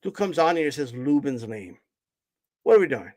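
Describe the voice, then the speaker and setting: A man's voice: mid-range voice, big pitch swings, moderate pace, darkish tone, dry recording, rough recording. A man ranting on a live stream, cursing and confronting his chat in a mocking, combative way. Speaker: boxing streamer. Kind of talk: heated live-stream rant.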